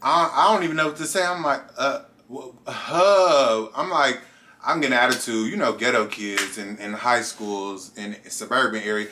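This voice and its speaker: A bright, forward-sounding young man in his twenties tells a casual storytime to camera. He talks straight to his viewers and keeps it animated, leaping up into high voices whenever he quotes someone. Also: normal speed, a little hiss or hum. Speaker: vlogger.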